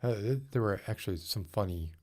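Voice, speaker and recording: A man's voice: lowish voice, a little fast, a little mellow, slight background noise. A man hosting a casual livestream chat, rambling and chatty with lots of fillers. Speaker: podcast host.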